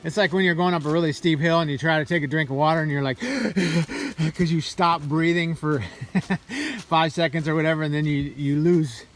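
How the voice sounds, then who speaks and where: A man talking casually while hiking a mountain trail, a little out of breath, telling a story in an animated way. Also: fairly high pitch, fairly quick. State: slightly out of breath. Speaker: hiker vlogger.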